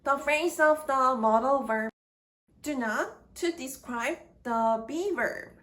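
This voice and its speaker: A woman giving a scripted grammar lesson, speaking slowly and deliberately in short halting phrases. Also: sits high, a bit bright. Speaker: grammar teacher. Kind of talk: slow scripted grammar lecture.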